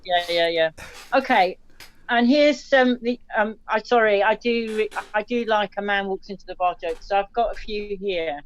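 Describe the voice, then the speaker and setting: A woman's voice: medium pitch, moderate pace, a little hiss or hum. A woman hosting an online café show, chatting and reading listener jokes aloud with small slips. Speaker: host telling listener jokes. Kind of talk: casual chat, reading out jokes. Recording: dull dry lo-fi sound.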